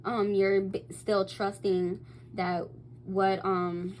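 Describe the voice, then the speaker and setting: A woman giving a casual tarot reading to camera. She chats loosely, swears freely, reads card meanings aloud and bursts into excited squeals. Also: medium pitch, takes it slowly, slight background noise, low-quality recording. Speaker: tarot reader.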